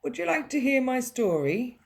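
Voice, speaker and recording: A woman reading a picture book aloud to young children in a playful, animated way, adding sound effects. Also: high-pitched, moderate pace, creaky. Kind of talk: storybook read-aloud for children.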